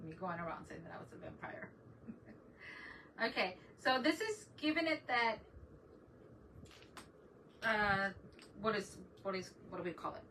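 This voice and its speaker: This DIY craft channel host, a middle-aged woman, speaks at a medium pitch in a sing-song, unhurried way, leaving long pauses, her tone pushed and bright. She chats casually with her livestream viewers and laughs often as she crafts. The mic is set back a bit and there's faint background noise.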